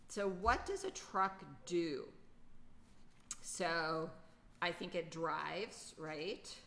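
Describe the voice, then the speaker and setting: A woman's voice: fairly low pitch, drawn-out words, pushed and bright. A woman teaching a children's poetry lesson, patiently thinking aloud with many fillers. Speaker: writing teacher.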